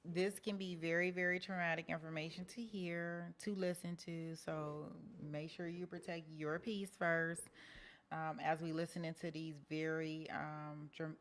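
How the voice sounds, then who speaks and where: A woman's voice: low-pitched, flat delivery, a little slow. A woman hosting a true-crime commentary show, talking casually with lots of restarts. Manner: casual, chatty, many restarts. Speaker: host.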